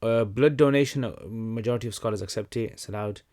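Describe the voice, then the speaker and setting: A young man hosting a casual livestream Q&A, talking in a relaxed, conversational way with many fillers and restarts. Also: fairly low pitch, fast. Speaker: livestream host answering questions.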